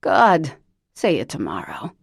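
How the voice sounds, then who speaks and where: Woman doing a gravelly chain-smoking old cousin. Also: low-pitched, wildly swooping pitch, takes it slowly, no echo, clean studio sound, full character voice. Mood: gruff. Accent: strong local accent. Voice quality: harsh smoker's rasp. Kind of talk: audiobook narration.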